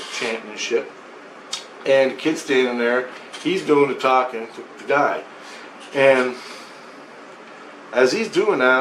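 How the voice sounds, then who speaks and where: A man telling a personal story in a casual, rambling way, with frequent swearing and restarted sentences. His voice sits at an average pitch. The room gives it a roomy echo, and a faint background noise runs under it. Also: fairly bright tone. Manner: rambling, profane, many restarts and repetitions. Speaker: vlogger.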